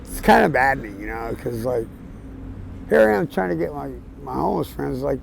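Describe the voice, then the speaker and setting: A man of around 60 telling his life story outdoors on a city street, plain-spoken and casual, with fillers and soft chuckles. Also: mid-range voice, lively intonation, a little fast, gravelly, slight background noise, poor audio. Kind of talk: candid storytelling.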